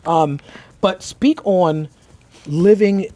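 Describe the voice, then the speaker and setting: A man's voice: sits high, extremely slow, darkish tone. New man hosting an interview. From New York. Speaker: podcast host. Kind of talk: casual interview chat.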